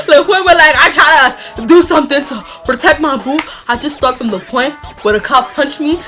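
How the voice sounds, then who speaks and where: Young woman vlogger, high and bright, chatty and animated storytime telling, faint music bed. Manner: animated, rambling retelling full of fillers and laughs. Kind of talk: casual storytime vlog.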